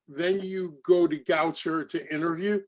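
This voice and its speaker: A man's voice: fairly high pitch, steady tone. A man hosting a podcast, joking with his guest and asking casual questions. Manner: joking, quick reactions. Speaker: podcast host.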